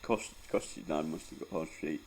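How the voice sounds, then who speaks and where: Scottish guy, 40s, super low croaky voice, sweary rambling vlog story, keeps saying right?, choked up, faint hiss behind. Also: normal speed, darkish tone. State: emotional, close to tears. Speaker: vlogger. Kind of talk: personal storytelling.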